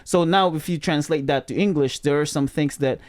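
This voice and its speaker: A man's voice: on the high side, normal speed. Rambling man explaining pronunciation. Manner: rambling explainer, many fillers and restarts. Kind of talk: casual chat.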